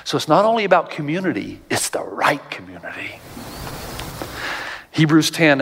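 A man with a high voice delivers a sermon as a pastor. He tells stories with lively animation, his voice jumping up to act out others. The sound carries a long reverb from a large church auditorium. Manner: animated storytelling, jumps high for quoted voices.

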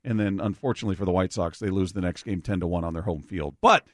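Middle-aged male radio host, lowish voice, dry close mic, easygoing chatter with frequent laughs. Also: fast talker, dry recording. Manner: chatty, laughs often, reads the text line. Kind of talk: casual sports talk. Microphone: studio microphone.

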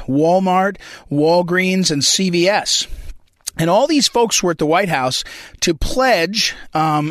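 Male commentary host, slightly high voice, conversational with hesitations, dry recording. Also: fairly bright tone, no room sound. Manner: conversational, many ums and restarts, clears throat. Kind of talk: unscripted political commentary.

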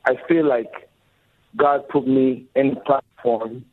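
Speaking slowly in a mid-range, fairly even voice, a man in his forties who co-founded a record label reflects earnestly as a casual interview guest. Faint music plays under the dull, lo-fi recording.

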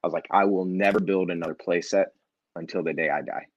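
Low-voiced man telling a story. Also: fast, no echo, lo-fi sound. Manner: animated storyteller, acts out quoted dialogue. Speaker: guest, nonprofit founder. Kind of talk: storytelling in a casual interview.

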